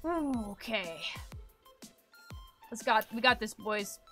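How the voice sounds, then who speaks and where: Woman streamer, high voice, unhurried delivery, excitable and foul-mouthed, game music underneath. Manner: excitable, swears a lot, shrieks when scared. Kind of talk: live gaming stream commentary.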